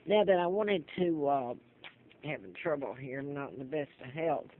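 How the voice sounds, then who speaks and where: A woman's voice: low-pitched, lively intonation. A woman from Alabama, telling a rambling personal monologue full of fillers and restarts. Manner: digressive, halting, many fillers and restarts. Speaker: vlogger. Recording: tinny lo-fi phone-like audio with faint noise.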